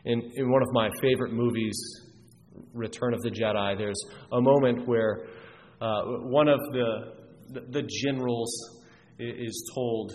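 A man's voice: mid-range voice, steady tone, measured pace, a little mellow. Earnest man preaching in a reverberant hall. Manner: earnest, emphatic, with frequent restarts. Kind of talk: sermon. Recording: reverberant hall, faint noise.

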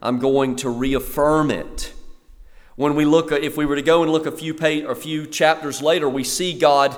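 A man's voice: flat delivery, a little fast. A man preaching a sermon in an earnest way, lifting his voice for emphasis as he quotes scripture. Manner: earnest, rises in pitch and volume for emphasis when quoting scripture. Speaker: pastor. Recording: long reverb of a hall.

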